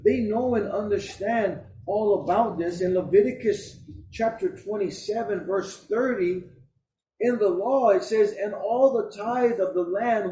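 A man's voice: high-pitched, dark tone. A middle-aged man preaching a sermon as pastor, talking in an emphatic, conversational way. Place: church. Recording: echoey room, voice from a distance.

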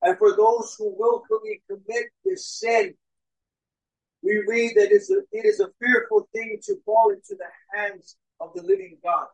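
A young man preaching a sermon as pastor, telling stories and swinging between loud and hushed delivery. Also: high voice, sing-song, a little slow, poor audio. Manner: storytelling, acts out crowd voices, swings between loud and hushed.

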